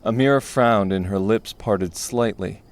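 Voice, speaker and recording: Deep-voiced male audiobook narrator. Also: measured pace. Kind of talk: scripted fantasy narration.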